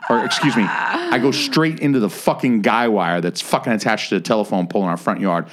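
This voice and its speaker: A man co-hosting a podcast, telling a long story in casual chat, swearing constantly and getting animated. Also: fairly low pitch, fairly quick. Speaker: podcast co-host.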